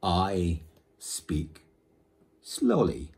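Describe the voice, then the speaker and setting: A man reading aloud and voicing a tiny, fierce warrior toy that speaks slowly in short, grunted words. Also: low voice, huge pitch swings, creaky, a little mellow, full character voice. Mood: gruff. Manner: slow, clipped, grunting.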